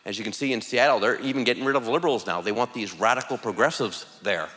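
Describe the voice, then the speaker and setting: A man's voice: medium pitch, fast, fairly bright tone. Man, forthright, emphatic, panel discussion, long hall reverb. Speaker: panelist, former legislator. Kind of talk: panel talk. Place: large church hall, live audience.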